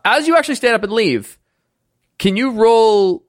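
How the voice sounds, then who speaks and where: A man's voice: high voice, expressive, normal speed. A man running a tabletop game as game master, narrating casually with lots of fillers.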